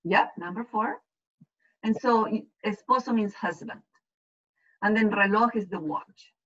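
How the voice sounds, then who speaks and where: A Spanish-speaking woman teaching an online class, explaining slowly and patiently and checking often that students follow. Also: mid-range voice, fairly bright tone. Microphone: video call. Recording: dull lo-fi video call audio.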